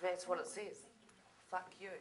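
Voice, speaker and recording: An actress with a New Zealand accent playing a blunt, sarcastic focus-group member. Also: female voice, fairly low pitch, little pitch movement, measured pace, distant mic, slight background noise, close to an everyday voice. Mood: exasperated. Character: blunt, exasperated young woman in a focus group.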